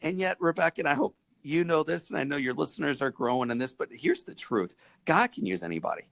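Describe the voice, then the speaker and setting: A man in his forties from Missouri, telling his life story as a podcast guest with animated, preacherly swings in pitch. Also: fast, creaky, no echo. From Missouri, USA.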